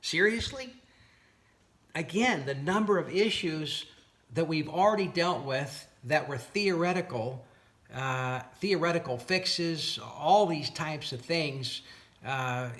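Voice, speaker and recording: A man telling a long story about a dispute over his boat motors, reenacting both sides of the talk and sounding fed up and incredulous. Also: fairly high pitch. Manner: animated retelling with exasperated, incredulous asides. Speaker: boat owner recounting a dispute. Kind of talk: casual storytelling to camera.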